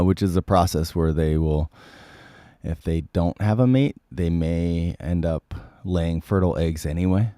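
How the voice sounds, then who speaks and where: Very low, sick-sounding man chatting. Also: darkish tone, no echo, clean studio sound. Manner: rambling, many ums, frequent throat clearing. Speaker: livestream host reading viewer comments. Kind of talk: casual livestream chat.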